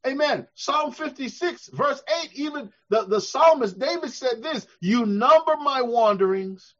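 A man preaching a sermon, drawing answers from the congregation, his delivery swelling to shouts and falling to a hush. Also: very high-pitched, animated, measured pace, few pauses, lo-fi sound. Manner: preaching with call-and-response, swelling to shouts then dropping soft. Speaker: pastor.

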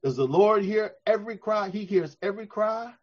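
High-voiced preacher, shouting then hushed. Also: male voice, expressive, normal speed, dull audio. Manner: preaching with call-and-response, swelling to shouts then dropping soft. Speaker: pastor. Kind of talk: sermon.

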